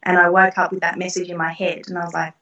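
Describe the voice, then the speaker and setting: A middle-aged woman recounts personal experiences in an interview, earnest and reflective, with soft laughs. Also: fairly low pitch, little pitch movement, quick pace, vocal fry, highs cut off, a little hiss or hum. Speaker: guest. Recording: roomy, distant from the mic.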